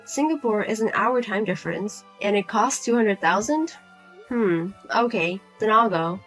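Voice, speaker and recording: A woman playing a fed-up grown daughter who speaks flatly and firmly to her pushy mother in a narrated drama. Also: medium pitch, normal speed, faint music behind, lightly acted. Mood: accusing. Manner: flat, firm, cold and blunt. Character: Lizzie, grown daughter, cool, blunt, fed up.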